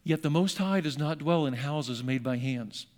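A man preaching a sermon in a church sanctuary, dramatically acting out scripture voices and swinging between loud and hushed. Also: on the high side, moderate pace. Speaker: pastor.

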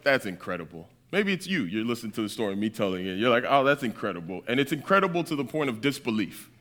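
A man preaching in a storytelling style, animated, checking in with his listeners again and again. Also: mid-range voice. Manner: animated, keeps checking in with "right?". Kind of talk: storytelling sermon.

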